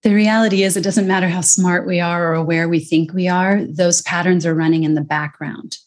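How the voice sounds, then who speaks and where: An American woman in middle age speaks as an expert guest, explaining with earnest, lively emphasis. Her voice sits a little low for a woman. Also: fairly quick. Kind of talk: conversational interview.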